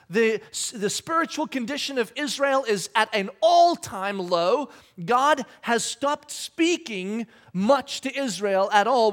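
A man in his thirties preaching a sermon, telling stories in a lively, conversational way and acting out the dialogue. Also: very high-pitched. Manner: animated storytelling, acting out quoted dialogue; conversational with many restarts. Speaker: pastor.

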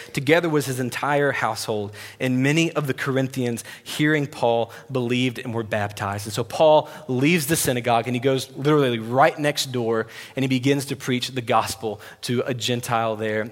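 Man preaching in a reverberant hall. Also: mid-range voice. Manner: conversational and emphatic, retelling scripture. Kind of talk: sermon. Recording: long reverb of a large hall.

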